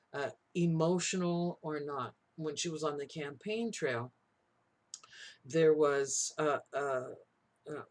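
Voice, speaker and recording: A male college instructor delivers a lecture in an easy, conversational way. His voice sits a little high for a man. He keeps checking in with his listeners and slips into quoted voices to make his points. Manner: talks in tag questions, acts out quoted voices.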